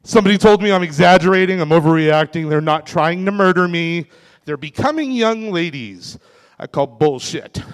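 Stand-up comic, man in his forties, raised pitch, deadpan self-mocking jokes, reverberant club room. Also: moderate pace, clean tone. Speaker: stand-up comedian. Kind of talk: stand-up comedy set. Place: comedy club stage.

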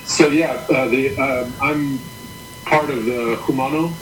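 A man who is a guest on a podcast, telling stories in casual chat with a relaxed, dryly humorous manner. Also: mid-range voice, a little slow, slight background noise, low-quality recording. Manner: relaxed storyteller, dry humor. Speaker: guest, comic book creator.

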